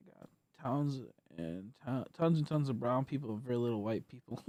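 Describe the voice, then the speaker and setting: A streamer chatting casually over a game, animated, laughing often and swearing freely. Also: medium pitch, normal speed, dry recording, clean studio sound. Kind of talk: casual gameplay stream chat.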